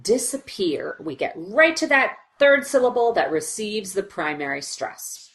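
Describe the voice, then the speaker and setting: A woman teaching English pronunciation in a scripted lesson, speaking clearly and drawing out example words. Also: medium pitch, sing-song, measured pace, fairly bright tone.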